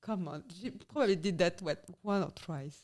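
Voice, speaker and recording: A woman who owns a business, a guest in a casual conversation, telling stories in a lively, spirited way. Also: fairly low pitch, moderate pace.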